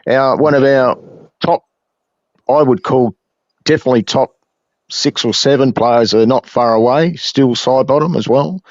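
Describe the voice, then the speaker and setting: An Australian man hosting a casual fan chat, measured and filler-heavy, talking at length. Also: mid-range voice, no echo. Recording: dull dry lo-fi mic.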